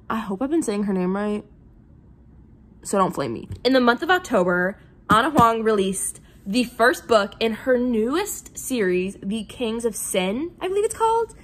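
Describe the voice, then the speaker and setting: A woman casually reviewing books in a vlog, gushing and excitable, with lots of "like" fillers. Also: on the high side. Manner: gushing, excitable, heavy use of "like". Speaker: book reviewer.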